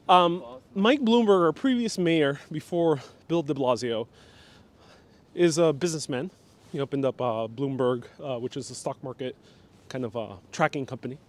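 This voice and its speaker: A man, casually hosting a live walking tour outdoors, chatting and laughing as he reads out viewer comments. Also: mid-range voice. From New York, Puerto Rican family. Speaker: live-stream host and city guide. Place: outdoors on a waterfront park. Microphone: phone camera on a gimbal.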